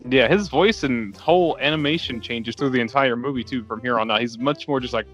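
A man's voice: mid-range voice, a bit bright, soft background music. Crude-talking man on a dull mic. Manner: blunt, crude reactions and quick asides. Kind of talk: casual film discussion.

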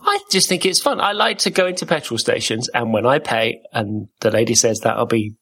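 Husky-voiced man, playful rambler. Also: medium pitch, lively intonation, fairly quick, bright, forceful tone. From Wales. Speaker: podcast host. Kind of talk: casual chat.

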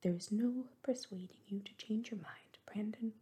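A hearty country baronet insists on the outing in breathy whispers, as a woman puts him on. The whispered role-play keeps him soft and mellow. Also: medium pitch, normal speed. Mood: insistent.

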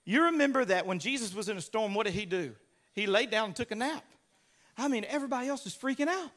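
A man from Louisiana with a Southern US accent, preaching a sermon as a pastor through animated, humorous storytelling with acted-out voices. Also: high voice, quick pace.

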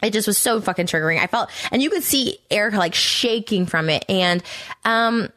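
Fast-talking, profane woman podcast host. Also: no room sound, studio quality. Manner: blunt, profane, rambling with many fillers; animated, pitch jumping high when worked up. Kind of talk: casual commentary monologue.

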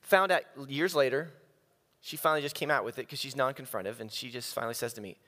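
A man's voice: mid-range voice, quick pace, pushed and bright, big-room sound. A man giving a humorous, self-mocking sermon, telling stories and acting out the quotes. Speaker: speaker.

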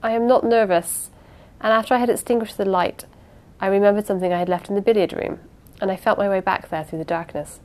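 A woman's voice: mid-range voice, pitched above the performer's own voice, lightly acted. A woman reading the part of a young woman who speaks evenly but halts and restarts under strain. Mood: hushed. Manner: even, halting with small restarts.

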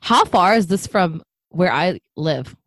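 A young woman with a low voice chats casually, reacting with slangy remarks. The recording is dry and close. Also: expressive, slow pace, a bit bright, no room sound. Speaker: listener in a casual chat. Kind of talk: casual chat.

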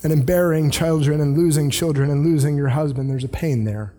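A man preaching a sermon in a casual, conversational way, with animated paraphrases of the text he reads. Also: a little high, brisk, in a large hall. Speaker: pastor.

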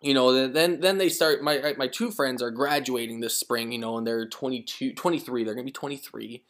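A man's voice: medium pitch, brisk, a bit bright. A man in his twenties, a podcast host, telling a casual story on his own, rambling and repeating words as he acts out friends' lines. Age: 20s.

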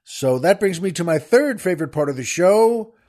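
A male podcast host who tells a joke in a casual, rambling way, full of fillers and chuckles. His voice sits a little high and moves about lively. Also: quick pace, loud music behind the voice.

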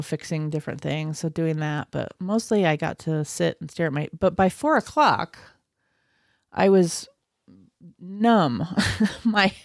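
A woman's voice: deep voice, no echo, clean studio sound. A woman co-hosting a casual chat podcast about psychology, talking loosely, laughing often and trailing off into restarts. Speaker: podcast co-host. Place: small room, recorded together.

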